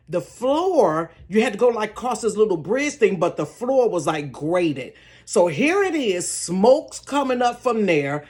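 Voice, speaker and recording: An older woman spins a dramatic tale from her bedroom, speaking straight to her viewers. She talks slowly, with a voice that leaps up and down in pitch, sitting a little high for a woman. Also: a little mellow. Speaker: storyteller. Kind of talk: casual storytime chat.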